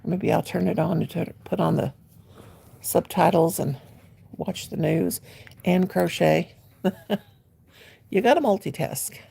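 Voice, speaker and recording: A chatty woman, talking to viewers on a phone livestream while she crochets. Her voice is deeply gravelly and husky, and her manner is homey and folksy. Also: a little slow, pauses often, mellow. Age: 60s. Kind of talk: casual live-stream chat.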